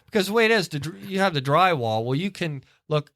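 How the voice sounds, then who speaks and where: A man's voice: fairly high pitch, lively intonation, fast talker, a bit bright, dry recording, studio quality. A middle-aged man on a church podcast tells a long, rambling family story in casual chat, acting out the people he quotes. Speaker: podcast co-host.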